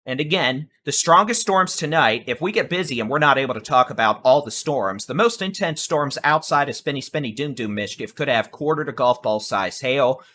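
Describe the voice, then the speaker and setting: A man's voice: medium pitch, lively intonation, normal speed, few pauses, bright, forceful tone, a little hiss or hum. A man giving live severe weather coverage in a conversational, reassuring way, addressing the viewers directly as folks. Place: home studio with air conditioner.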